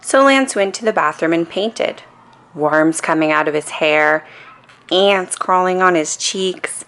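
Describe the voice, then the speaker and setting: A woman reading a bedtime story aloud, gentle and expressive. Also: lowish voice, a little slow. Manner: gentle and expressive, with playful voices. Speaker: storybook reader.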